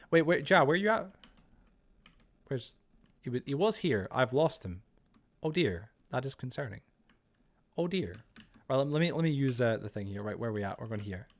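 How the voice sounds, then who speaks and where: A man's voice: medium pitch, big pitch swings, a little fast, long pauses. A man live-streaming a game, chatting casually with friends, rambling with lots of "like" and "bro" and teasing them. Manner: joking and teasing. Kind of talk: casual live-stream chat while playing.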